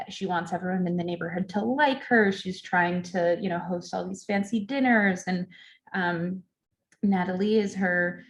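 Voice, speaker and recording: A woman's voice: fairly low pitch, vocal fry. A woman from the library staff talking casually about a book she enjoyed, chatty and full of ums and fillers. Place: library event, recorded online.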